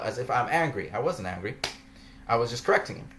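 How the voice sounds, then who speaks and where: A man delivers a ranting vlog commentary straight to his viewers. He argues and mocks, laughing often, with a voice that swings widely in pitch. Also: sing-song, quick pace, a bit bright. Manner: argumentative, mocking, laughs often. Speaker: vlogger.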